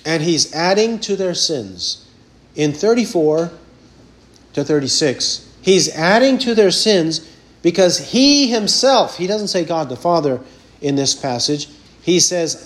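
A man preaching an expository sermon, emphatic and deliberate, firing rhetorical questions at his listeners. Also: fairly high pitch, lively intonation.

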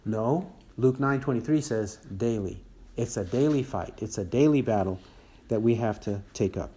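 Preacher, male, mellow dark tone, reads scripture with rising force at key lines. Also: medium pitch, animated, normal speed. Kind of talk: expository sermon.

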